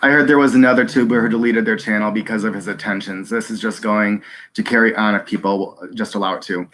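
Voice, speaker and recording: Hosting a live stream, a man reads from the chat and speaks earnestly, nearly in tears, halting often with ums and restarts. His voice is fairly low and a bit bright, with fairly even intonation.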